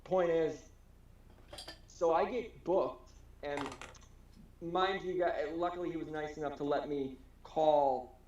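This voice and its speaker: A man's voice: a little high, steady tone, slow, a little mellow, slight background noise. A man from Wisconsin telling a rambling story in a casual podcast chat, swearing freely and acting out the people he quotes. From Wisconsin, USA. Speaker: podcast co-host. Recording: roomy, slightly dull home recording.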